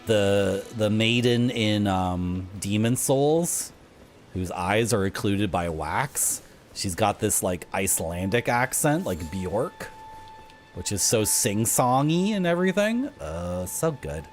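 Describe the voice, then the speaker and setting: A woman's voice: very deep voice, lively intonation, slow, faint music behind. A woman streamer rambling through casual, self-mocking gaming commentary.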